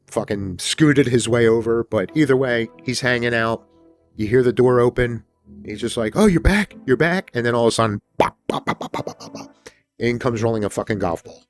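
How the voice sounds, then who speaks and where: A man hosting a podcast, retelling a film in a casual, animated way, swearing freely and acting out the characters' lines. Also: mid-range voice. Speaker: podcast host.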